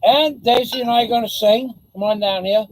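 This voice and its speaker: A man's voice: extremely high pitch, brisk, rough recording. A man vlogging to camera in a sarcastic, rambling, taunting way. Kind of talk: casual mocking chat to camera.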